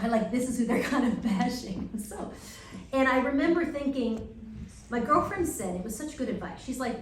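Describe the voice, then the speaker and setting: A woman from Long Island gives animated career advice as a guest speaker, jumping into little acted-out voices as she talks. Her voice sits a little high. She is heard from a distance in a very echoey hall, with a faint hiss of noise underneath. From Long Island, New York. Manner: animated, acts out voices in quick asides. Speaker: guest speaker answering student questions. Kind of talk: lively advice talk at a Q&A.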